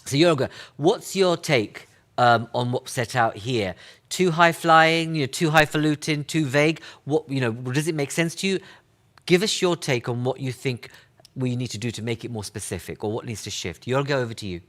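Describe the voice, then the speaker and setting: A man moderating an online panel, brisk and prompting his guests with pointed questions. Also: medium pitch, fairly bright tone. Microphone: video call.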